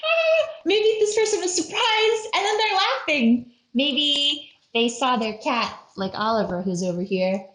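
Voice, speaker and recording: A bright-voiced woman leads a children's art lesson in a roomy, echoing space. She plays along with every face she shows, acting out little voices as she goes. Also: high-pitched, big pitch swings, a little slow, few pauses. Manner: playful, acts out faces and voices. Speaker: museum educator.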